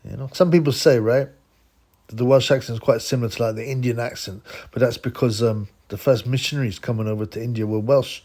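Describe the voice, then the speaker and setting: A man's voice: medium pitch, fairly even intonation, fast, a little mellow. Man, boxing vlog host, rambling, casual, laughs a lot, conspiratorial.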